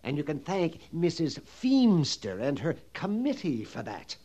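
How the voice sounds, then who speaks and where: A fretful, whispering old-West storekeeper. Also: male voice, a little high, huge pitch swings, a little slow, warm tone, heavily acted. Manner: fretful, theatrical, drops to whispers. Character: fussy nervous middle-aged male army-post storekeeper. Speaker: sutler running a fort canteen. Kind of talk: vintage TV western drama.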